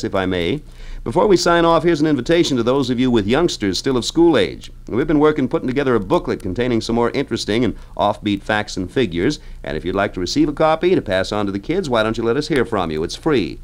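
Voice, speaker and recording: A middle-aged man hosting a scripted radio trivia segment in a studio, with a breezy, folksy, chatty delivery and little asides. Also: medium pitch.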